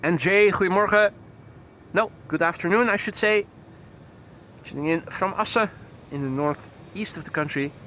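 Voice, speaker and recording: Man, high voice, live plane-spotting host, wry jokes, outdoors by runway, faint background hum. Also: moderate pace, fairly bright tone. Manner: wry, joking asides between flight details. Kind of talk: live aviation commentary.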